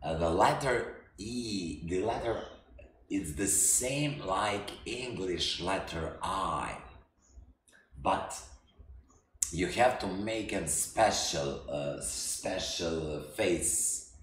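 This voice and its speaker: A man teaching a language lesson, slow and halting, with many restarts. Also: low voice, lively intonation, roomy sound, slight background noise.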